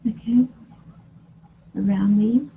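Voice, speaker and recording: A woman's voice: fairly high pitch, steady tone, slow, vocal fry, narrow, tinny audio, slight background noise. A woman running a paranormal session for her vlog, firmly questioning and ordering unseen spirits. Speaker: paranormal investigator.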